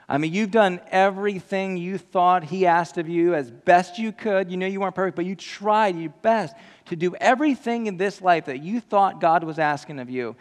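A man preaching a sermon in a large room, impassioned, swinging from loud cries to hushed musing. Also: high voice, vocal fry. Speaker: pastor. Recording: long reverb in a large hall.

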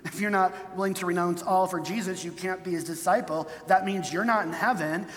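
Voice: medium pitch, steady tone, fairly quick. Casual, chatty preacher, mid-range voice, long reverb of a large hall. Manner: conversational, tags points with "right?"; acts out quoted voices for emphasis. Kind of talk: sermon.

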